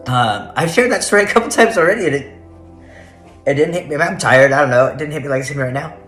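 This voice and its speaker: A man's voice: a little high, expressive, fast, a bit bright. A man telling a story to the camera in a casual vlog, chatty and laughing often as he rambles. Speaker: vlogger. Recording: roomy echo, faint music.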